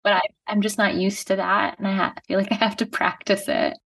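A woman's voice: mid-range voice, little pitch movement, a little fast, vocal fry, a bit bright, breathy edge. A woman in her thirties from the United States, a podcast guest talking casually and reflectively with lots of "like". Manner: reflective, heavy use of "like". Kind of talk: casual conversation. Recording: voice a bit distant from the mic.

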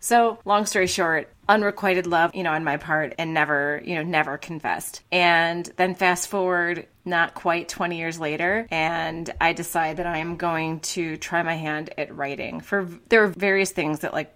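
A woman's voice: fairly low pitch, a bit bright. A woman in her forties, a romance novelist co-hosting a podcast, telling a story in a candid, rambling way with lots of fillers. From United States. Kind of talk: casual podcast chat.

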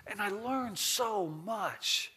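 A man's voice: high-pitched, animated, extremely slow, pushed and bright, slightly rough. A man teaching a church class in a folksy, interactive way, asking the group questions and laughing often.

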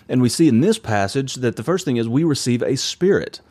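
A man's voice: medium pitch, animated, fairly quick, darkish tone, dry recording. A man in his thirties preaching a sermon, earnest and conversational, asking the congregation rhetorical questions.

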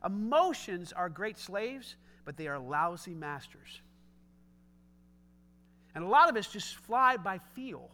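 Male pastor, middle-aged, high bright voice, emphatic casual preaching. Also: big pitch swings, slow pace, pauses often. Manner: emphatic, conversational preaching with rising shouts. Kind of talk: sermon.

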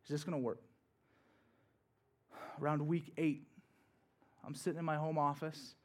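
A male pastor preaching in church, telling a personal story in a conversational way that swings from hushed to loud and emphatic. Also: a little high, level tone, a little slow. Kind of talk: sermon told as a personal story.

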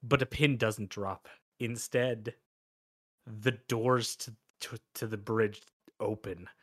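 A man's voice: lowish voice, steady tone, slow pace, fairly bright tone, no room sound, studio quality. A man narrating a tabletop role-playing game as game master in a loose, hesitant way.

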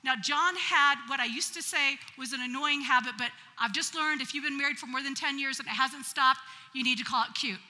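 A woman telling a humorous story as she preaches, in a lively, chatty, self-mocking way. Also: sits high, a little fast, few pauses. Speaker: preacher at a women's conference. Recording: long hall reverb.

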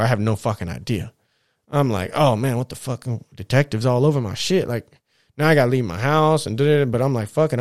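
A man's voice: mid-range voice, dry recording, studio quality. Profane laid-back storytelling man. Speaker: podcast storyteller. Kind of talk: casual storytelling.

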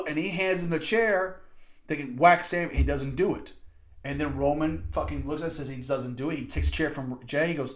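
A man with a slightly high-pitched voice talks through a wrestling event in a casual review. He recaps the action play by play, gets excited and swears freely. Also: a little fast. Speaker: wrestling podcast host.

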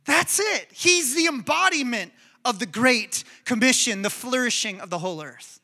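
Very bright, high-voiced man preaching. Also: moderate pace. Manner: animated storytelling, conversational and emphatic. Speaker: pastor. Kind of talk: sermon.

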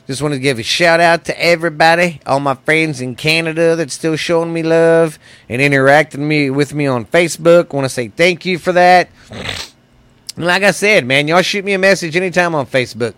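A man hosts a loose, wandering podcast, loud and foul-mouthed, calling his listeners "baby." His voice sits on the high side, brisk and somewhat bright, though his sinuses leave him sounding stuffy. The close studio mic gives a clean, echo-free tone.

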